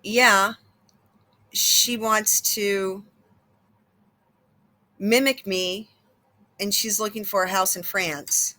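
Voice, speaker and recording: A woman's voice: mid-range voice, fairly even intonation, extremely slow, long pauses, bright, forceful tone. A woman voicing a haughty aristocratic duchess who talks with disdain. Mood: scornful.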